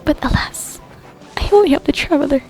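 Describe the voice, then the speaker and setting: A woman's voice: sits high, fairly quick, creaky, a little mellow, soft background music. A young woman chatting casually to herself while playing a video game, giggly and talkative. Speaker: gamer playing a story quest. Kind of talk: casual gameplay commentary.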